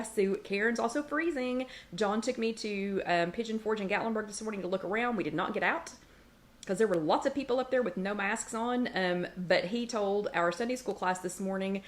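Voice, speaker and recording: A middle-aged woman hosts a casual livestream from her home kitchen. She greets viewers by name, reads their comments aloud and scolds her dog between remarks. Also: medium pitch. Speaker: host of a weight-loss support livestream.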